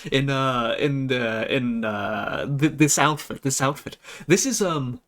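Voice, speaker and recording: A young man chatting on a live stream, excitable, giggly and stammering as he talks. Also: mid-range voice, slow. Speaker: VTuber streamer. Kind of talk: casual live-stream chat.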